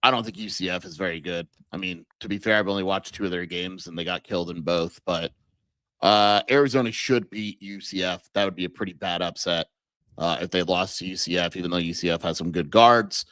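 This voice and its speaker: A man's voice: low voice, fairly quick, a bit bright, no room sound. A man co-hosting a sports podcast, answering in a dry, matter-of-fact way and quoting statistics. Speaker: podcast co-host. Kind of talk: casual sports podcast chat.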